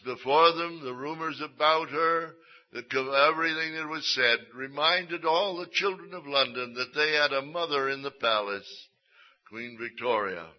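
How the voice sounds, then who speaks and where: A man preaching a sermon, telling a story with drawn-out emphatic phrases that sink to a hush. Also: a little high. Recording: dull lo-fi sermon recording.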